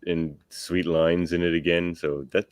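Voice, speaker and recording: A man co-hosting a podcast in a casual chat, talking in a measured, thoughtful way and trailing off softly. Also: low-pitched, level tone, clear, resonant tone, no room sound, studio quality. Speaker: podcast co-host.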